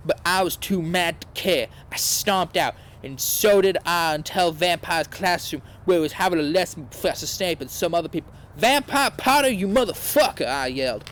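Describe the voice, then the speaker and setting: A man's voice: high-pitched, slight background noise. A man hosting a podcast, giving a comedic dramatic reading with a mock-earnest tone and sarcastic asides. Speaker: podcast host reading aloud.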